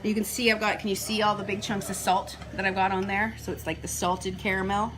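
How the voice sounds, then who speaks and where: A woman's voice: medium pitch, flat delivery, brisk. A woman hosting a casual live cooking demo, chatty and full of fillers, talking to viewers as you guys. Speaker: cooking show host. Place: kitchen counter. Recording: clattering kitchen dish noise. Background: cutlery and pot clatter.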